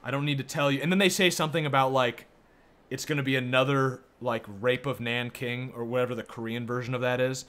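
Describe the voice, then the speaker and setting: A man's voice: mid-range voice, steady tone, a little fast, a bit bright. An American man streaming a game, chatting casually and laughing as he comments. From United States. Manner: laughs often, reads game dialogue aloud, loose and joking.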